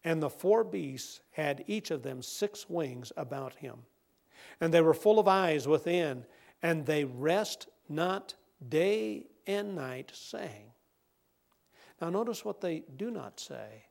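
A man preaching a sermon, who moves from a hushed scripture reading to loud, emphatic preaching and repeats words when worked up. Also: fairly high pitch, big pitch swings, slow, creaky.

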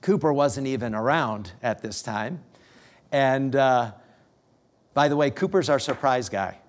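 A middle-aged man preaching a sermon as a pastor, telling a family story with gentle humor and lively rises and falls. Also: medium pitch, unhurried. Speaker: pastor becoming missionary.

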